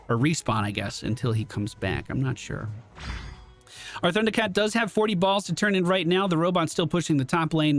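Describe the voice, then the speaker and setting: A tired man giving explanatory play-by-play commentary over a video game match. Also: sits high. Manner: explanatory, animated, strategic play-by-play. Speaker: gaming commentator. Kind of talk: gameplay commentary. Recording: clear background music.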